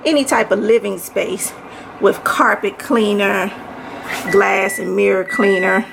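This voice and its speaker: In a casual home tour vlog, a Maryland woman who vlogs about home organization walks viewers through her kitchen, chatting to them as y'all and sounding out of breath. Her medium-pitched voice has vocal fry, against a noisy background.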